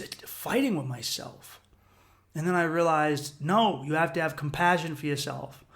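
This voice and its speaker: A man's voice: on the high side, fairly bright tone. A man in his thirties hosting a solo podcast, telling a personal story in an intense, profane way and acting out his own inner voices. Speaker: podcast host.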